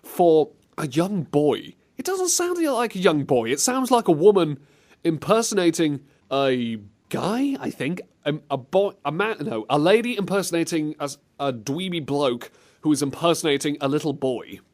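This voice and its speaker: A man's voice: a little high, sing-song, normal speed, a little mellow. A man co-hosting a casual comedy chat, playful and prone to breaking into silly voices. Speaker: podcast co-host.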